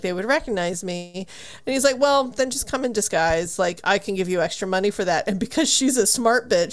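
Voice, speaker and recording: A woman co-hosting a casual book podcast who retells the plot with gusto, acts out the characters' lines and laughs and swears freely. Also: medium pitch. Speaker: podcast co-host. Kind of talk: casual book review chat.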